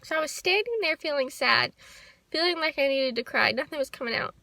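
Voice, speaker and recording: A young woman talking to the camera in a personal vlog, soft, heartfelt and reflective. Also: high-pitched, lively intonation, fairly quick, creaky, dry recording. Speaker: vlogger. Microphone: handheld camera.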